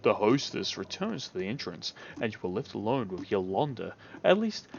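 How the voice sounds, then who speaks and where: A man's voice: on the low side, very animated, normal speed, gravelly, muffled recording, slight background noise. A man streaming a visual novel, reading the narration aloud and cutting in with crude, sarcastic comments. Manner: crude, sarcastic, often laughing. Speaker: game streamer.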